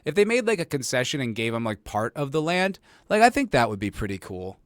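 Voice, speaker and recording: A male podcast host rambles through a casual, sarcastic rant, stumbling over restarts and fillers. His voice sits at an ordinary pitch. The recording is dry, with no room sound. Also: big pitch swings, a little fast, no room sound.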